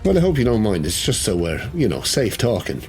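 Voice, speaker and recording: A man voicing a brisk, sly Irish woman who runs a shop with her husband, talking smoothly and coaxingly. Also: fairly low pitch, huge pitch swings, a little mellow, soft background music.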